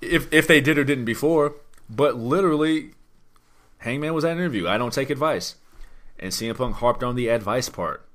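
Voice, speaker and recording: A man's voice: mid-range voice, animated, a little fast, fairly bright tone. A man hosting a podcast, talking through wrestling news in a rambling, emphatic way with lots of rhetorical questions. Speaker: podcast host. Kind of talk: casual wrestling chat.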